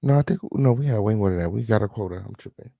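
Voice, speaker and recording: A man's voice: on the low side, racing, gravelly, warm tone, no room sound. A man hosting a live stream, reacting with sassy, profane commentary and asking viewers for support.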